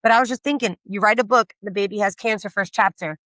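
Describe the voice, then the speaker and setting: Podcast co-host, woman, bright higher voice, swears freely, animated storyteller, dry close mic. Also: fast talker, no room sound. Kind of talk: casual chat.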